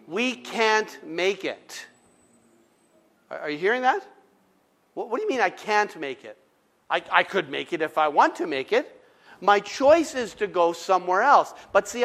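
A middle-aged man preaching with a fairly high, lifted voice. He tells his points as stories and acts out the dialogue himself. He drops in conversational asides to the congregation. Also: a bit bright. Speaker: pastor. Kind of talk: sermon.

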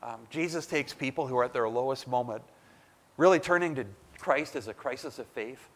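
A man's voice: mid-range voice, a little fast. A man preaching a sermon as a pastor, talking casually and building to emphatic bursts.

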